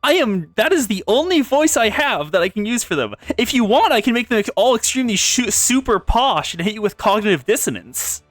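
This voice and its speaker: A game streamer talks through his play in a chatty, self-mocking way, often tripping over his words. His voice is high for a man and very animated. The sound is dry and close to the mic. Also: a little fast, hardly any pauses, no room sound, faint music behind. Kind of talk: live gameplay stream commentary.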